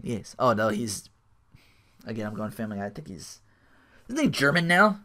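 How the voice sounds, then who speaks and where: A man's voice: fairly low pitch, sing-song, moderate pace, pauses often, pushed and bright. A man hosting a podcast, casually recapping a show in a rambling way, full of restarts and asides. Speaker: podcast host.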